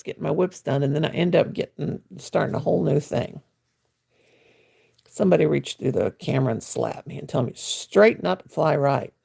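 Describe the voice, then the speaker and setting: An older woman talking casually to her livestream viewers from her armchair at home. Her voice is deep, gravelly and husky, with a dark, mellow tone. She chats in a folksy way and answers comments as they come in. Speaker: crochet livestream host. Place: at home, sitting in her chair.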